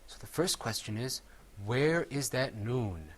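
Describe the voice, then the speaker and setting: During a Quran recitation class, the male instructor patiently tests his students and repeats words slowly with them. His voice is mid-range and expressive.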